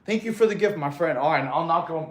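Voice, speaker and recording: A man's voice: a little high, expressive, quick pace, a little hiss or hum. A man chatting casually on a fitness livestream in a laid-back, slangy way, getting out of breath as he counts push-ups. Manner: laid-back slangy talk, calls viewers bro. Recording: echoey room.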